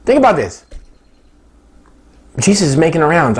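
A man in his thirties delivers a sermon with bubbling excitement. His voice sits a little high and swings widely between bright peaks and low asides. He laughs often as he talks. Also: moderate pace, husky. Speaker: preacher.

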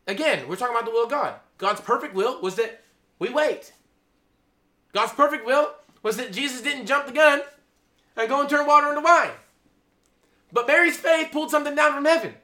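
A man preaching an informal sermon, excitable, laughing, then dropping to a hushed, awed tone. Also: extremely high pitch, normal speed, long pauses.

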